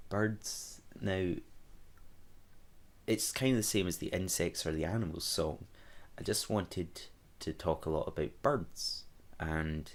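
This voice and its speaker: A young Scottish man talks through his own songs in a loose, wandering way, making offhand jokes at his own expense. His voice sits very low. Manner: rambling and self-mocking, with offhand jokes. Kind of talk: casual chat.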